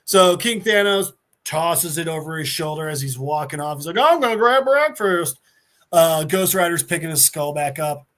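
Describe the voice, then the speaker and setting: A man's voice: a little high, normal speed. A man co-hosting a podcast, animatedly recapping a comic book in a casual way, often slipping into character voices. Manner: animated storyteller, slips into voices. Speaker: podcast co-host.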